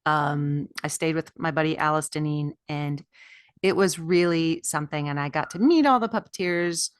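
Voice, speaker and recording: Enthusiastic woman puppeteer, lowish voice. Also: normal speed, smooth, no room sound, studio quality. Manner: enthusiastic, with fillers and laughs. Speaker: puppeteer guest. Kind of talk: casual interview chat.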